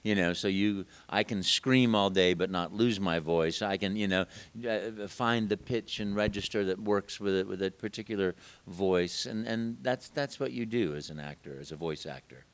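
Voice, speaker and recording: A man's voice: low-pitched, moderate pace, few pauses. A man, a voice actor guest at a game convention, telling stories animatedly in a casual interview. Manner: animated storyteller, slips into character voices.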